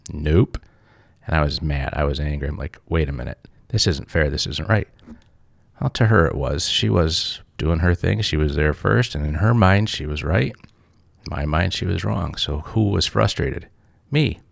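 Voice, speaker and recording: A man's voice: low-pitched, vocal fry, dry recording, studio quality. A man hosting a podcast, telling a story in a casual monologue, blunt and self-mocking, swearing freely. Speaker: podcast host.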